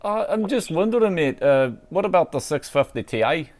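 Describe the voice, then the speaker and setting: A man's voice: a little high, lively intonation, normal speed, background noise, voice pushed up, lightly acted. A man faking a Scottish accent to play a caller haggling over a used computer, hesitant and full of filler words. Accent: put-on Scottish. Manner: hesitant, drops in filler words, calls people mate.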